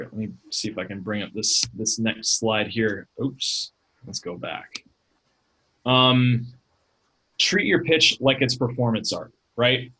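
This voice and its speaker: A man presenting a webinar in a relaxed, conversational coaching way, often using fillers like "um" and "you know.". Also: mid-range voice, low-quality recording. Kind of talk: casual webinar talk.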